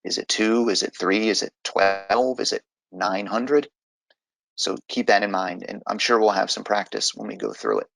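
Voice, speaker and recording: A man's voice: fairly low pitch, moderate pace, vocal fry, fairly bright tone, no room sound, low-quality recording. A man teaching an online grammar lesson, explaining step by step in a patient way.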